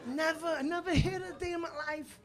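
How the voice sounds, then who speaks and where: High-pitched guy doing live standup in a club, yelling punchlines, crowd laughing, noisy room. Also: fairly quick. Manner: animated, acts out scenes, shouts punchlines, drops Spanish words. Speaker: stand-up comedian. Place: comedy club stage. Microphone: handheld stage mic. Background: laughing audience.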